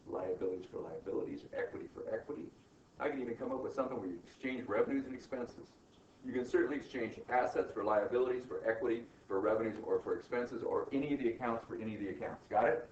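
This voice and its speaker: A man's voice: mid-range voice, darkish tone, slight background noise. Middle-aged male lecturer, emphatic, keeps asking "right?", recorded from across an echoey room. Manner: emphatic, peppers questions with "right?" and "okay?". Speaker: accounting instructor. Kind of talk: classroom lecture. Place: classroom. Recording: muffled, roomy classroom recording from far off.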